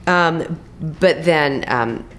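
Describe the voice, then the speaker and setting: A young actress and voice actor in a casual interview, telling stories with animated restarts and playful imitations. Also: female voice, sits low, slight background noise. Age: young adult. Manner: animated storyteller, quick restarts, lively imitations.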